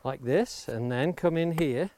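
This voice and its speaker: A man with a fairly high voice gives a hands-on axe-carving lesson outdoors. He explains steadily and patiently, keeps coming back to safety, and axe chops click through the noisy recording. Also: a little slow. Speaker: woodworking instructor. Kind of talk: hands-on demonstration. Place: outdoors near the coast. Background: axe chopping clicks.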